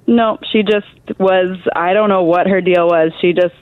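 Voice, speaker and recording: A woman's voice: on the low side, fairly even intonation, normal speed, smooth, no echo. A Canadian woman calling into a radio show, recounting an old barista job in an easygoing, chatty way. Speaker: caller, former barista. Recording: dull, dry phone line.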